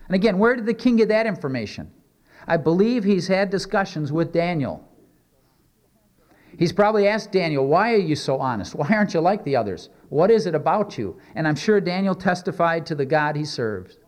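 A man's voice: a little high, darkish tone. Man preaching with rhetorical questions. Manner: reads scripture aloud then explains it conversationally, with rhetorical questions. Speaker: pastor. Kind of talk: sermon.

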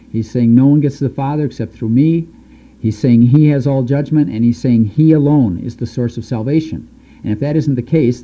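A man teaching through a Bible passage, reading the verses aloud and then explaining them in loose, halting speech with fillers. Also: mid-range voice, mellow. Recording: dull, lo-fi recording.

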